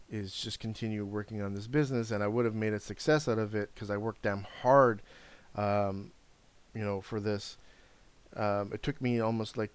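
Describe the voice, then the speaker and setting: Frank, rambling man with a smooth voice. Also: lowish voice. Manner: rambling, frank, swears casually. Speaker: live stream host. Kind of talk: casual chat.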